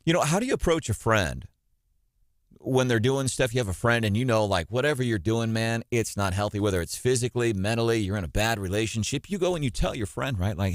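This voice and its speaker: A man's voice: mid-range voice, big pitch swings, fairly quick, no echo, studio quality. A man hosting a morning radio talk show, chatting casually and telling stories with lots of filler words.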